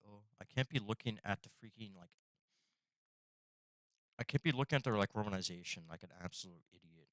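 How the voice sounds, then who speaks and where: A young man with a lowish, bright and smooth voice chats quietly to his stream while he studies. He mutters self-deprecating asides, a little thick around the retainer in his mouth, close on a dry desk mic. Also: dry recording. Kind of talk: casual live-stream chatter while studying. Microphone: desk streaming microphone.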